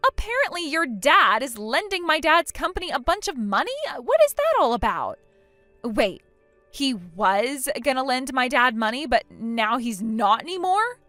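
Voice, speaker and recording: A woman's voice: high voice, big pitch swings, moderate pace, sharp tone, dry recording, faint music behind, heavily acted. A woman voicing a spiteful, taunting young woman, the groom's sister, in an acted text-message story. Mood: pleading. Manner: taunting, snickering, dismissive.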